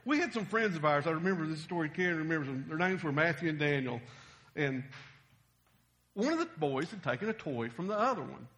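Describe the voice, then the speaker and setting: A man preaching a sermon, folksy and animated, telling stories with humor. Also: on the high side, a little fast.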